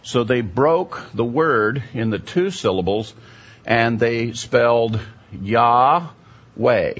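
A man's voice: mid-range voice, takes it slowly. A man giving a teaching sermon, explaining at length and often checking in with his listeners. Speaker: Bible teacher. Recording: dull lo-fi recording.

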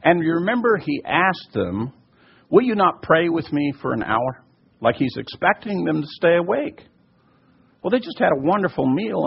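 A man's voice: fairly high pitch, big pitch swings, normal speed, creaky, husky. A man teaching from scripture and answering listener questions, emphatic and fond of asides. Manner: emphatic, repeats "by the way". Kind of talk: teaching talk. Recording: muffled lo-fi recording.

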